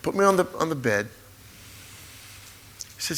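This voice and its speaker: A man in his sixties, a guest author in a live stage conversation, telling family stories with lively acted-out moments. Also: on the high side, moderate pace, slight background noise. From United States. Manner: animated storyteller, acts out family scenes. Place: auditorium stage before an audience.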